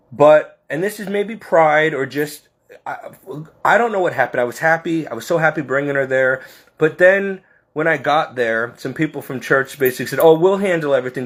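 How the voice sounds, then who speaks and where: A man's voice: medium pitch, a bit bright. A middle-aged man talking earnestly and emotionally to the camera, holding back tears as he speaks. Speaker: Catholic vlogger. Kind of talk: emotional personal monologue.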